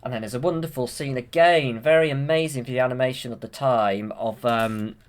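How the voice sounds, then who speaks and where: A man's voice: medium pitch, steady tone, a little fast. A man hosting his channel, retelling a film from memory with enthusiasm and plenty of fillers and restarts. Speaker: channel host.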